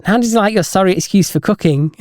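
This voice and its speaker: A man co-hosting a casual podcast, telling jokes deliberately and chuckling at his own punchlines. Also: high voice, darkish tone, no room sound, studio quality. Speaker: podcast co-host.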